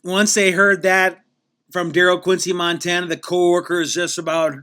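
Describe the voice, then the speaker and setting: A man hosting a podcast, telling a rambling comic story with deadpan asides and constant restarts. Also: high-pitched, moderate pace, clean tone. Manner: meandering, self-correcting, deadpan tall tale. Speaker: podcast host.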